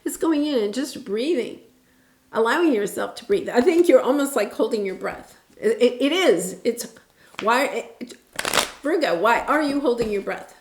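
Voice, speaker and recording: A woman's voice: a little high, expressive, moderate pace, darkish tone, echoey room. Earnest chatty woman tarot reader. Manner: chatty, earnest, reassuring, many fillers and restarts. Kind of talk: casual tarot reading to camera.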